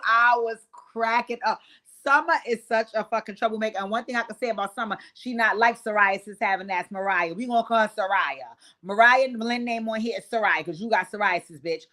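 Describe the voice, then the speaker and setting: A woman doing casual, animated reality-show commentary, swearing freely. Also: fairly high pitch, brisk. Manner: animated, profane, laughing asides. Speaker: show recap vlogger.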